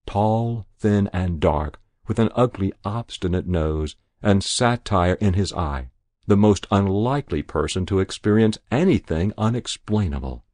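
A man giving a measured, unhurried scripted narration of a short story as the reader. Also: low-pitched, a little mellow, dry recording, clean studio sound.

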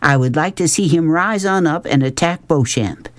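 A man's voice: a little high, moderate pace, no room sound, pitched above the performer's own voice, lightly acted. A man voicing a wise, outspoken grown woman who talks in a firm, folksy way.

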